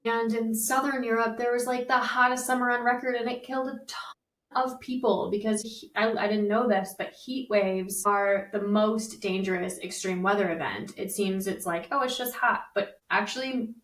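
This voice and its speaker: A woman's voice: on the high side, normal speed. Chatty woman in an echoey room. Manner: animated, chatty, with fillers like "like". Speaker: podcast co-host. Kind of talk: casual chat. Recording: roomy, slightly distant mic.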